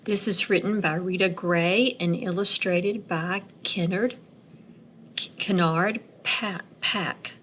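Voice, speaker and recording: A woman teacher reading a picture book aloud to young children, slow and expressive, pausing to imitate bird calls and ask questions. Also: lowish voice, slight background noise.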